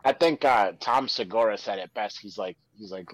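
A man's voice: moderate pace, hardly any pauses, no echo, rough recording. Man on a dry, close podcast mic. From Rhode Island. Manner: storytelling, puts on high kid voices when quoting. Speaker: podcast co-host. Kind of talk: casual chat.

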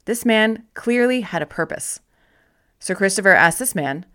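A woman with a slightly low voice narrates a motivational self-help book. Her reading is gentle and encouraging. She slows down to stress key phrases with deliberate care. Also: animated, clear, resonant tone. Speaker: audiobook narrator.

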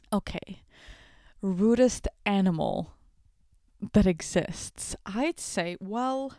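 Giggly unhurried woman podcast host. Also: mid-range voice, a little mellow, no echo, studio quality. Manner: giggly, rambling, self-deprecating. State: wired on late-night coffee. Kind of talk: casual solo podcast chat. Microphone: podcast microphone.

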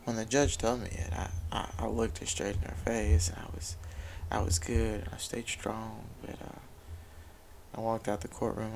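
A man's voice: fairly low pitch, vocal fry, a little hiss or hum, rough recording. A man telling a personal story of faith and struggle in an earnest, confessional way, with many restarts. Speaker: father sharing a personal story. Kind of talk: candid personal talk about faith.

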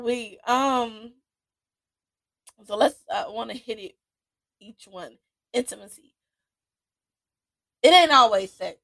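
A woman hosting a podcast, talking slowly and thoughtfully with frequent restarts and laughter. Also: fairly high pitch, a bit bright, no echo. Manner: slow, reflective, with restarts and laughter. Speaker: podcast host. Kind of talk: casual solo podcast talk.

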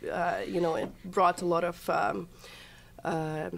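A woman's voice: fairly low pitch, little pitch movement, slow pace, vocal fry, a little hiss or hum. A young woman from Russia, a TikTok comedian guest, chatting casually and telling stories with laughs and acted-out quotes. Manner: chatty storyteller, laughs often, acts out quotes. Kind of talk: casual interview chat.

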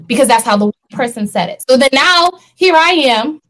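A woman with a high-pitched voice leads a casual panel talk. She speaks earnestly and animatedly, with frequent laughter. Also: moderate pace, few pauses, a bit bright, low-quality recording. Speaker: podcast co-host.

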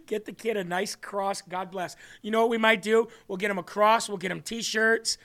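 A man hosting a live-streamed faith talk show, reading viewer comments and talking in an earnest, excitable way. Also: high voice, normal speed, few pauses. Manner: earnest, excitable, restarts and laughs often. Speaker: host of an online faith show.

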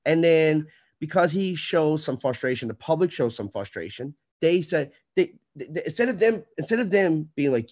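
A man's voice: on the high side, sing-song, moderate pace, darkish tone. A man hosting a podcast, ranting in a heated, profane way during a casual chat. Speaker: podcast host.

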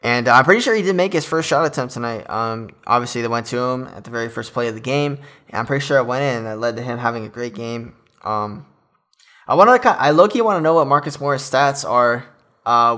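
A young man talks through a game recap on his own podcast, loose and filler-heavy like an excited fan. His voice has a bright, forceful edge. He sits at a middling pitch for a man. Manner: chatty, filler-heavy, enthusiastic fan talk. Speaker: podcast host. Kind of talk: casual solo sports recap podcast.

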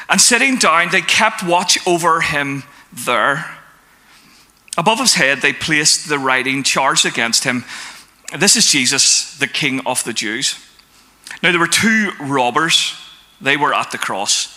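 A man's voice: a little high, lively intonation, a little slow, bright, forceful tone. A man preaching a sermon to a congregation, asking them questions and reading scripture aloud. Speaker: pastor.

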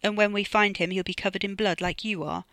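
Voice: medium pitch, fairly even intonation, fairly quick, bright, forceful tone, no echo. A narrator voicing Dono, a suspicious, menacing young man with a pistol, in an audiobook reading. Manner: sneering, demanding.

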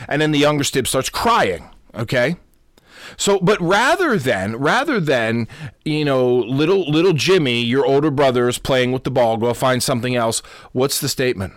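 Lively-pitched man, podcast life coach. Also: moderate pace, dry recording, studio quality. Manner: repetitive, self-correcting, asks "okay?" often. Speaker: Lutheran pastor and podcast host. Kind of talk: unscripted teaching talk.

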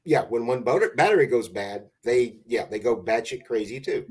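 A man's voice: medium pitch, animated, moderate pace, a crowd in the background. A man chatting on a podcast who makes joking comparisons and stumbles over his words. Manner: jokey, stumbling quips. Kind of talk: casual chat.

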